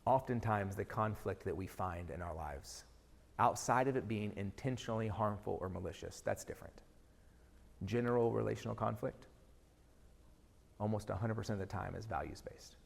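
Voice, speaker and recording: A middle-aged man giving a motivational keynote speech, energetic and throwing rhetorical questions at the audience. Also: fairly low pitch, moderate pace, vocal fry. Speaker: keynote speaker. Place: large event hall. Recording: hall reverb from a live event.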